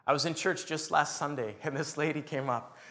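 A man's voice: a little high, a little fast, echoey room. A man preaching a sermon, telling stories with laughter and acting out what people said. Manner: animated storytelling with laughs and acted quotes. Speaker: pastor.

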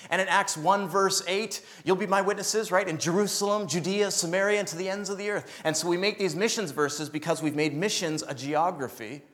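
A man preaching a sermon as a missionary, animated and joking, acting out voices in his stories. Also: on the high side.

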